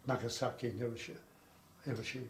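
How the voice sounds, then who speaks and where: A man's voice: mid-range voice, fairly even intonation, quick pace. An older man being interviewed about his wartime childhood, telling his story in a rambling way with repetitions. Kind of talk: oral history interview. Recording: echoey room, faint background noise.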